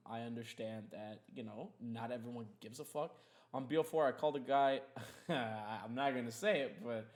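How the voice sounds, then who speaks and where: A young man hosting a casual podcast, ranting in a heated, profane, rambling way. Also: medium pitch. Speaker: podcast host.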